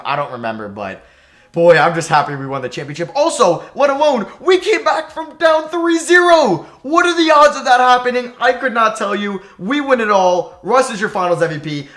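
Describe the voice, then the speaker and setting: Young man, gaming commentary, higher voice, nervous muttering then yelling, echoey room. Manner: swings from anxious muttering to shouted celebration. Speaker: gaming YouTuber. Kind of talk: excited game commentary.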